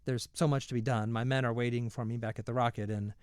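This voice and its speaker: A man's voice: mid-range voice, level tone, fast, clear, resonant tone, dry recording, clean studio sound, close to an everyday voice. A man reading aloud, voicing a stern, commanding rocket captain thrown by what he finds.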